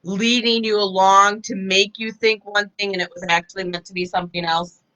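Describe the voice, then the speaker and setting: A woman hosts a casual live interview with a bright voice. She asks questions in a steady way and keeps pulling the guest back to the point. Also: mid-range voice, brisk, rough recording. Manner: probing questions, keeps steering back to the topic. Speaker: host.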